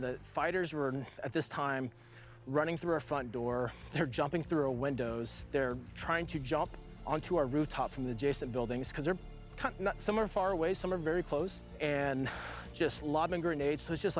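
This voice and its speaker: Forties male veteran, casual rambling storyteller, slightly raised pitch. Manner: rambling, full of "like" fillers. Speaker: veteran guest telling a war story.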